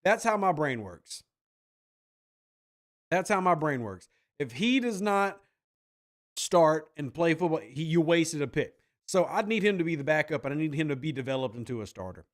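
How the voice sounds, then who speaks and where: Brief: animated male podcast host, slightly high voice, sarcastic banter. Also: normal speed. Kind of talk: casual chat reacting to viewer comments.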